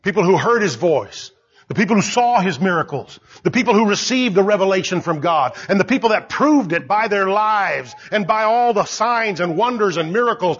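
An older man preaching a sermon as pastor, emphatic and rising to shouts. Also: high-pitched, lively intonation, normal speed, breathy edge. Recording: dull lo-fi recording.

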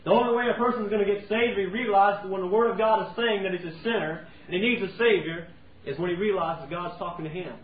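A man's voice: high-pitched, fast talker. A man preaching a sermon in a folksy way, acting out everyday scenes. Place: church sanctuary. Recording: tinny, roomy, from far off.

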